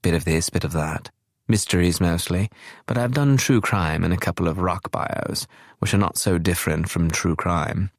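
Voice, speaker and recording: A man's voice: low voice, moderate pace, no room sound, studio quality. A man voicing a flamboyant, witty English woman of about forty with a posh English accent and a breezy, teasing manner.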